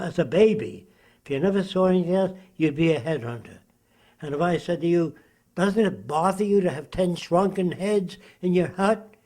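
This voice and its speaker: An elderly man in his nineties answers an interviewer at length, sounding emphatic and preachy. His voice sits a little high, and he keeps throwing rhetorical questions at his listener. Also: mellow. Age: 90s.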